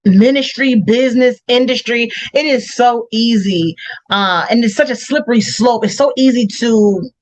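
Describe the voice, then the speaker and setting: A woman hosting a gospel podcast interview, effusive and emotional, quick to laugh. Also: a little high. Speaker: podcast host.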